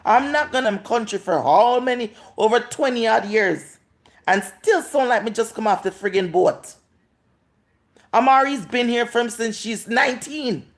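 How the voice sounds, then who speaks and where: A woman's voice: on the high side, unhurried. A woman in her late thirties with a Jamaican accent, ranting and scolding on a live stream, drawing out words for emphasis. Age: 30s. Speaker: vlogger.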